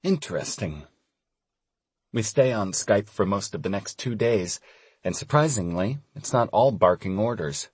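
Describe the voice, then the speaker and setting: Deep husky man narrating. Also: animated, measured pace, dry recording. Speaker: audiobook narrator. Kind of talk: scripted first-person audiobook narration.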